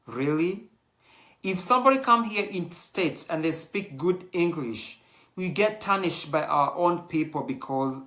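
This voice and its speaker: Kenyan guy hosting his show, rambly casual chat, kinda high bright voice. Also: lively intonation, slow. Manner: chatty, digressive, mixes in Swahili phrases. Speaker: show host. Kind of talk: casual monologue.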